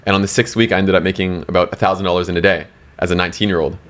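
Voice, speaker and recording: Podcast guest, male, from Canada, low-pitched, chatty and rambling with restarts. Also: flat delivery, very fast, fairly bright tone. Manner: rambling, many fillers and restarts. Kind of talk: casual storytelling interview.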